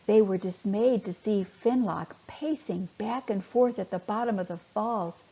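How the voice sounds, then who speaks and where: A woman softly and expressively reading a bedtime story to children. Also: medium pitch, measured pace, breathy edge. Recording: dull lo-fi recording.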